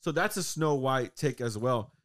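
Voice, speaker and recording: A man's voice: medium pitch, moderate pace. A man co-hosting a podcast, ranting casually about a movie, full of "like" and swearing. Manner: animated ranting, heavy use of "like" and swearing. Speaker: podcast co-host. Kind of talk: casual chat.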